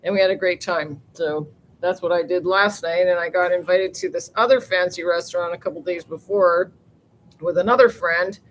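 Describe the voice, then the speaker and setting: A woman's voice: on the low side, steady tone, normal speed, a little hiss or hum, low-quality recording. A woman hosting a rambling casual live chat outdoors near the ocean on a phone, talkative, laughing often and swearing lightly. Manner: chatty and rambling, mild swearing, frequent laughs. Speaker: live-stream host.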